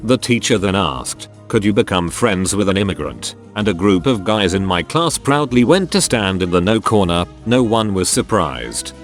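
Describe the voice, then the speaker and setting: A man's voice: on the low side, expressive, normal speed, hardly any pauses, faint music behind. A man narrating online posts aloud in a matter-of-fact storytelling delivery.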